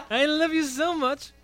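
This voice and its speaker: A man putting on a giggly diary girl. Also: full character voice. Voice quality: high, girlish put-on voice, giggling through the lines. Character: giddy lovestruck young woman writing her diary. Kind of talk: comic reading of a fill-in-the-blanks story. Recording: radio studio with loud music bed.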